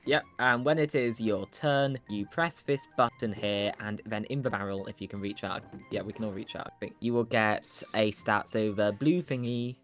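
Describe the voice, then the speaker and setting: Guy walking friends through game rules, lowish voice, faint music behind. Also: normal speed, few pauses, fairly bright tone. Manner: patient, step-by-step explaining. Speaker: game explainer. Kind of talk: casual gaming chat.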